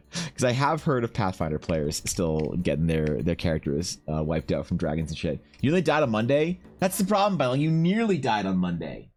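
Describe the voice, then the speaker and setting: A young man with a fairly low, lively voice chats casually to his viewers while he draws. His voice is slightly rough, and he bounces around in pitch as he swears, jokes and reads requests. Faint music plays underneath. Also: moderate pace. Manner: animated, swearing, bantering with chat. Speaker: art streamer. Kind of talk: casual live-stream chat.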